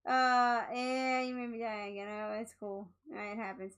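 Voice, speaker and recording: A woman's voice: fairly high pitch, steady tone, moderate pace, fairly bright tone, smooth, low-quality recording. A woman streamer chatting casually while she plays, rambling with many fillers and restarts. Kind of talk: casual chat while gaming.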